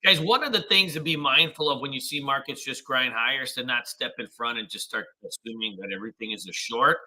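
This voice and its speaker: A man's voice: medium pitch, fairly quick, sharp tone, poor audio. A man hosting a live trading stream, greeting viewers with upbeat slang and walking through charts in casual commentary.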